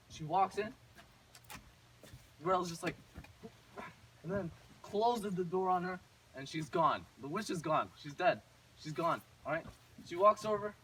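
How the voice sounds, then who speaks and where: A man's voice: high voice, normal speed, long pauses, a bit bright. A man casually retelling a fairy tale, rambling with self-corrections and joking asides. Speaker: storyteller. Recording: distant mic with faint ambient noise.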